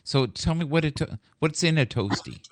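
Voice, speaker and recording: A man's voice: on the high side, animated, moderate pace. A man from Canada hosting a casual video call interview, playful and teasing. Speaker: host.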